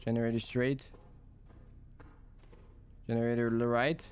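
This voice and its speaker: Young guy streaming a game, jumpy and swearing a lot, mid-pitched voice. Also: level tone, measured pace, a little mellow, clear, resonant tone. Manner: jumpy, swears, talks to himself. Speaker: gameplay streamer. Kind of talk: let's play commentary.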